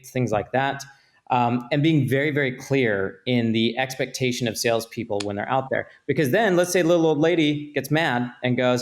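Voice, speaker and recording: A man, an attorney guest on a podcast, explaining contracts and liability with measured, example-driven talk. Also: mid-range voice. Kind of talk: podcast interview.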